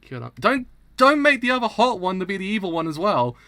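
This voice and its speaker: A man's voice: sits high, sing-song, brisk, bright, forceful tone, no echo. A young man streaming a live reaction, talking with dramatic, exaggerated mock outrage and frequent laughter.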